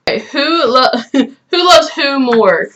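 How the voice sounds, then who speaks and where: A woman's voice: high-pitched, lively intonation, slow, a bit bright, highs cut off, a little hiss or hum. A woman hosting a casual couple chat, laughing often between her lines. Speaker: channel host.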